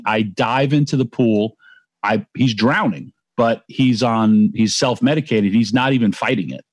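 A man's voice: mid-range voice, darkish tone, no echo. Rambling man telling a heartfelt story. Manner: rambling, emotional, frequent restarts and quoted voices. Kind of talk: casual anecdote telling.

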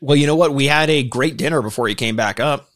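A man's voice: medium pitch, quick pace, fairly bright tone. Rambling Canadian podcast co-host, man. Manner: rambling, laughing, swearing, many restarts. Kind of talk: casual podcast chat reviewing a show.

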